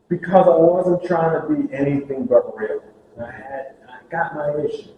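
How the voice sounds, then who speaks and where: A man telling lively stories about prison ministry to a group, acting out the voices of the people in them. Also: on the high side, moderate pace. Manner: animated, acts out dialogue, laughs at own stories. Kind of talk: storytelling talk to a group. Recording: very echoey room with faint hiss.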